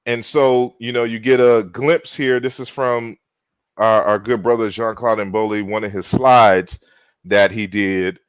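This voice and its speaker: A man giving an online lecture and walking through slides, talking in an unhurried way with many fillers and restarts. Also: on the low side, fairly even intonation, clean tone, no echo. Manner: unhurried, frequent "you know" fillers and restarts.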